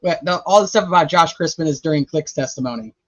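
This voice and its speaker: Chatty man with a higher voice. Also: fast talker, fairly bright tone, dry recording, dull audio. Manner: chatty, rambling, thinking aloud while checking notes. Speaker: true crime channel host. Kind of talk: casual livestream commentary.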